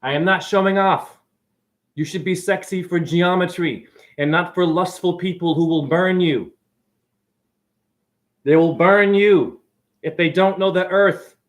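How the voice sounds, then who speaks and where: A man rambling excitedly and preachily through a livestream monologue from his apartment, jumping from idea to idea. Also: sits high. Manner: excitable, preachy, jumps between ideas. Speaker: self-styled spiritual teacher.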